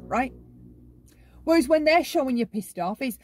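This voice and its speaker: A woman's voice: high voice, animated, moderate pace, pauses often, darkish tone, a little hiss or hum. A woman hosting a casual commentary monologue, often ending her points with "right?". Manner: talks in long runs, ends many lines with "right?". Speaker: commentary channel host.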